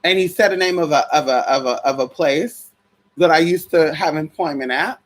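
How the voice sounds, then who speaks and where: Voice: medium pitch, normal speed. A vlogger telling a story in a casual, profane, chatty way, calling viewers y'all, girl and honey.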